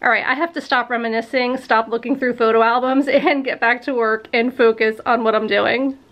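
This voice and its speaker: A woman in her thirties, a vlogger chatting with viewers and getting sentimental as she clears out a room at home. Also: a little high, steady tone, moderate pace, a bit bright, dull audio. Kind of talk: casual vlog narration. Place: at home, in a playroom.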